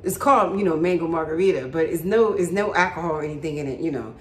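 A woman's voice: low voice, fast talker. A woman in her thirties, a vlogger, telling stories in a chatty way and laughing often. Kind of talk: casual storytelling chat. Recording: roomy, faint background hum.

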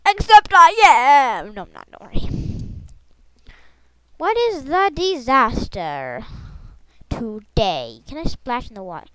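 High, lively playful woman gaming. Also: slow pace, long pauses, clean tone, no room sound, rough recording. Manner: playful, rambling, silly sound effects. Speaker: gaming channel host. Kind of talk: gameplay commentary.

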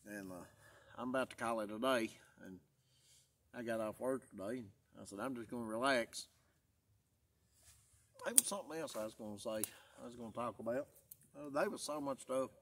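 A man with a slightly bright, medium-pitched voice records his vlog outdoors in the woods. Worn out after a long day, he rambles in a folksy manner and says things more than once.

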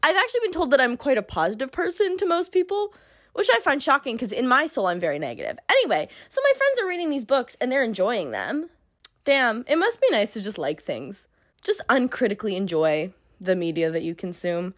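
A young woman in her twenties talks through a novel's plot in a casual vlog recap. She is sarcastic and deadpan, sprinkling her sentences with "like". Her voice sits slightly high for a woman. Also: brisk. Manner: wry, deadpan asides, lots of "like". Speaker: book review vlogger.

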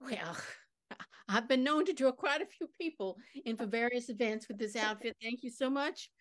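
A woman's voice: a little high, normal speed, close to an everyday voice. A woman improvising a flashy, shameless schemer who talks in a breezy, smug way on stage. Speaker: improv performer. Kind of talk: live improv comedy scene. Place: theater stage.

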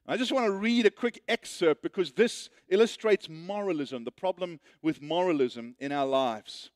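A man preaching a sermon as pastor, telling stories earnestly and dropping to a hushed tone to make his point. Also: high voice, moderate pace, dry recording, studio quality. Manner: earnest storytelling, rising then hushed.

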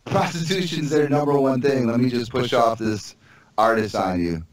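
A man's voice: medium pitch, normal speed, a loud crowd. A man co-hosting a podcast, telling a story in a rambling, laid-back way in casual banter. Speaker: podcast co-host.

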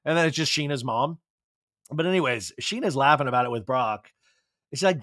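A man's voice: medium pitch, lively intonation, fairly quick, pauses often, fairly bright tone, dry recording, clean studio sound. A young adult man hosting a podcast, recapping TV with chatty, sarcastic asides. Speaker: podcast host. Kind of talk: comedic TV recap.

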